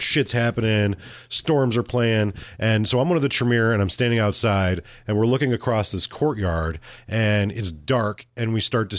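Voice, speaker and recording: A man co-hosting a podcast, telling a game story in casual chat, animated and swearing freely. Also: on the low side, dry recording, studio quality. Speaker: podcast co-host.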